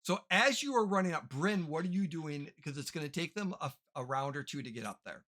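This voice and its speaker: A man's voice: on the high side, animated, fairly quick, fairly bright tone. A man running a tabletop game as game master, describing rooms and asking players for checks. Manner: describes scenes, asks for rolls.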